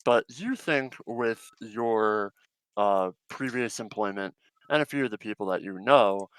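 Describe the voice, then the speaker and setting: Brief: low, smooth-voiced man running a tabletop game, hesitant and rambling. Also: unhurried, a bit bright, no echo, low-quality recording. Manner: rambling, hesitant with many fillers. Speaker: game master.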